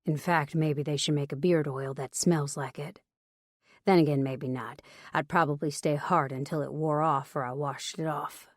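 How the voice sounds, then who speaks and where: A woman narrator voicing a gruff, teasing bearded man in an audiobook, dropping her voice low and husky. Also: steady tone, moderate pace, dry recording, clean studio sound.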